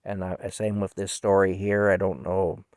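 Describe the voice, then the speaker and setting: Low-voiced man rambling through a story. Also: flat delivery, a little mellow, dry recording, studio quality. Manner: rambling, halting, emotional. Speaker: vlogger telling a personal story. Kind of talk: casual storytelling monologue.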